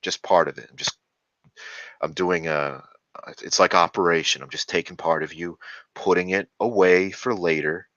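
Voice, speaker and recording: A man's voice: sits low, moderate pace, a bit bright, dry recording, lo-fi sound. A man doing a creepy gloating killer. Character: creepy male killer gloating over his victim.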